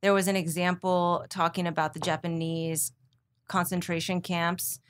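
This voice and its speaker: A woman's voice: on the low side, little pitch movement, moderate pace. A woman who works as a TV news anchor, talking fluently and at length as a guest in a casual interview. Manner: fluent, explains things at length.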